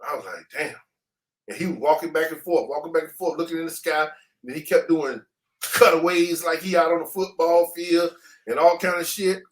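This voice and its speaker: High-pitched male guest, animated slangy storyteller who voices the sound effects. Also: a little fast, slight background noise. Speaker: interview guest. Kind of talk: casual storytelling.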